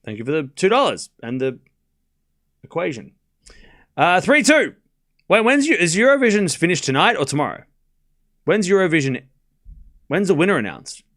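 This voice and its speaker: Lively Australian host, fairly high voice, streams tennis play-by-play and banters with chat. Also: male voice. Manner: animated, chatty, quick play-by-play bursts. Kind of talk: live stream commentary chatting with viewers.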